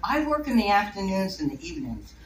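A woman who keeps birds gives a casual talk to a small audience, chatty and rambling with frequent laughter. Her mid-range voice is very animated and brisk, recorded from a distance in an echoey room with faint noise.

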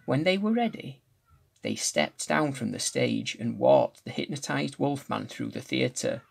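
Gravelly-voiced man reading a story. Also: medium pitch, lively intonation, unhurried. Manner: restarts and corrects slips while reading. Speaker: reader. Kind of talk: reading a novel aloud.

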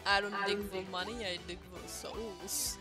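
A woman's voice: medium pitch, fairly even intonation, measured pace. A woman streaming a video game, chatting casually to her viewers. She swears freely, laughs often and trips over her words. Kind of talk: casual gameplay commentary. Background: loud game music.

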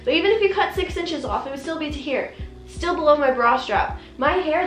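A young woman, telling a story to the camera in an upset, rapid rant while doing her makeup. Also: sits high, a bit bright, echoey room. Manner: upset, rapid recounting with quoted dialogue. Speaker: vlogger. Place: indoors at home, doing makeup.

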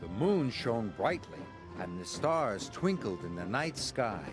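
A man narrating a children's story in an expressive storybook style. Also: mid-range voice. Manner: slow, expressive. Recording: music bed underneath. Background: music.

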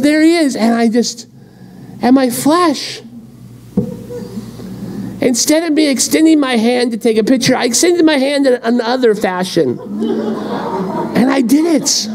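A male pastor preaching a sermon, telling a story in an animated way and acting out the quotes. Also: very high-pitched, vocal fry, a little hiss or hum. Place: church.

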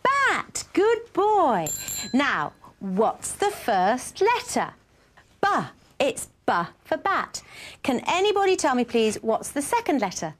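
A woman presenting a children's programme, reading a story aloud and coaxing children with questions in an animated way. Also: high-pitched, slow. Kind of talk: storytelling and quiz game for children.

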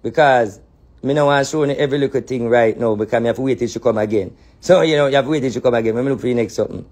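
A Jamaican man, a spiritual reader, giving animated vlog commentary in heavy patois and cursing freely. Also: medium pitch, rapid-fire.

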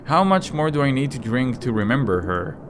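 Male game commentator, jokey delivery, reads in-game lines aloud, bursts into outcries, mid-pitched voice. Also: big pitch swings, a little fast, slight background noise. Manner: joking, reading in-game lines aloud with sudden outbursts. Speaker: gaming commentator. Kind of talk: let's play commentary.

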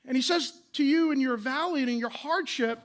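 Preaching with conversational fervor, a pastor in his late thirties poses rhetorical questions and restarts his phrases quickly, speaking at an extremely high pitch.

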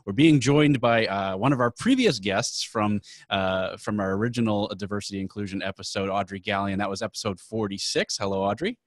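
A man's voice: on the low side, fairly quick, few pauses, no room sound, studio quality. A man with a Minnesota accent hosting a webinar show, chatty and upbeat, with frequent fillers. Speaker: host.

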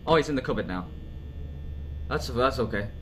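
A man hosting a horror game let's play, jumpy and excitable, talking to himself and to the game's characters and swearing when scared. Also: medium pitch, moderate pace, background noise. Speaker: gaming channel host.

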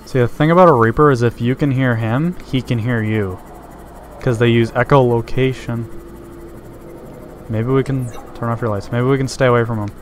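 A man's voice: mid-range voice, normal speed, a little hiss or hum. A man giving let's-play commentary while playing a game, nervous and easily startled, breaking into screams when scared. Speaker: gameplay commentator.

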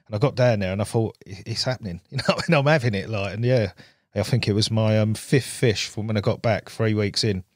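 A man's voice: lowish voice, fairly quick, dry recording, studio quality. A man, a guest on a podcast, telling stories in casual chat and laughing often. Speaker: guest angler. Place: podcast studio.

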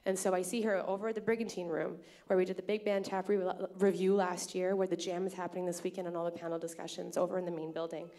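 A woman's voice: lowish voice, little pitch movement, fast, hardly any pauses, mellow. A Canadian woman hosting a live tap festival show from the stage, chatty and grateful, telling stories with lots of "um" and "uh". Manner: chatty, grateful, storytelling with many fillers. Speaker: festival organizer and host. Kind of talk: onstage emcee speech to a live audience.

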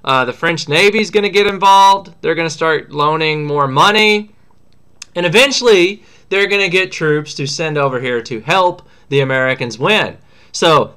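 Slangy, bright-voiced history teacher man. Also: a little high, smooth. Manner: chatty, slangy, acts out quotes. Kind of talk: casual history lesson.

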